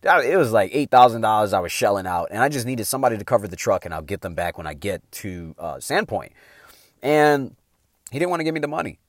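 A man's voice: lowish voice, sing-song, fast talker, no echo. A middle-aged man giving a motivational talk in a casual, slangy, emphatic way, swearing freely. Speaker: motivational speaker.

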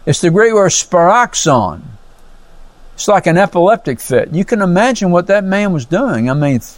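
A man with a high voice preaches a sermon as a pastor. He teaches earnestly, explaining words from the verses and often adding amens and praises. The sound is dry and close, with little room echo. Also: big pitch swings, moderate pace.

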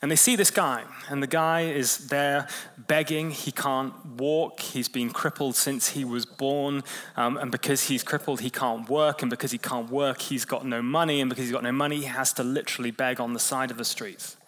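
A man preaching a sermon in a relaxed, conversational way, telling stories and quickening and slowing his pace. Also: mid-range voice. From England. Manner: conversational preaching with storytelling, lively shifts in pace. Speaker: pastor.

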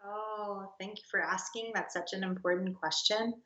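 A woman talking as a podcast guest over a video call, in a soft, reflective and unhurried way. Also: mid-range voice, fairly even intonation. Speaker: podcast guest, project founder. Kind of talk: casual interview chat. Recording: roomy, distant, dull sound.

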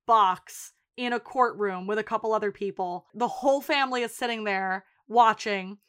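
A woman co-hosting a podcast, chatting casually through a recap of a TV episode, telling it fast and swearing freely. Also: mid-range voice, fairly bright tone, smooth. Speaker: podcast co-host.

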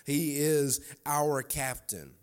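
A man's voice: fairly high pitch, takes it slowly, clear, resonant tone. A man preaching a sermon, repeating his lines for emphasis and calling on the congregation to answer back. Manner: fervent call-and-response preaching, repeats phrases.

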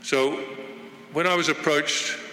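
An older man, originally from Northern Ireland, speaks with a neutral accent that has lost its Irish edge. He talks to an audience in a conversational, reflective way, with frequent fillers and restarts. His bright voice carries through a large, echoey hall with long reverb. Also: a little high, fairly even intonation, slow, slight background noise. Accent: neutral international, little Irish left. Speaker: guest speaker launching a book. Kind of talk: informal speech to an audience.

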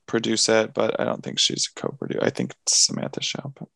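A man's voice: on the low side, very animated, quick pace, vocal fry, bright, forceful tone, no room sound. A young man co-hosting a podcast in casual chat, rambling and self-deprecating with lots of filler words. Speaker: podcast co-host.

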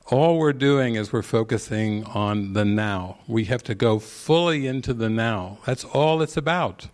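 A man's voice: medium pitch, unhurried. Chuckling man giving a spiritual talk. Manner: storytelling, questioning, chuckles at his own points. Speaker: spiritual teacher. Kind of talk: retreat talk.

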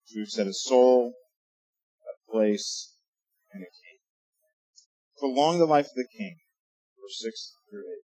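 A man's voice: mid-range voice, animated, slow, long pauses, warm tone, dry recording, faint music behind, low-quality recording. A man preaching a sermon in a conversational way that rises to emphatic readings of scripture. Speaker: pastor.

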